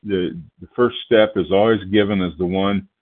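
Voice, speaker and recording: Guest speaker, man, from Oklahoma. Deep voice, nervous, halting, keeps clearing his throat. Thin phone-line sound. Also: steady tone. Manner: halting, many fillers and restarts, clears throat. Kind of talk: phone-line recovery meeting talk.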